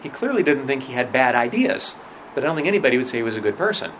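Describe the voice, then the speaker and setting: A man teaching a religion class in a conversational lecture, asking rhetorical questions and often pausing with fillers. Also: medium pitch, big pitch swings, a bit bright, slight background noise, poor audio.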